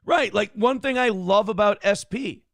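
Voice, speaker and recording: This morning-show host has a gravelly, fairly high voice. He recounts stories with loose, swearing energy, and the sound is dry and close. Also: moderate pace, no room sound. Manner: animated storyteller, swears freely. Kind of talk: casual profane chat.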